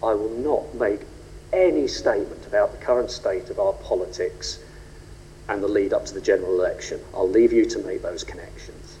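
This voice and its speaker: A man preaching a sermon, rhetorical and animated, rising and falling for emphasis. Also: moderate pace, slight background noise. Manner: animated, rhetorical, shifts pitch and pace for emphasis. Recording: long reverb of a large hall.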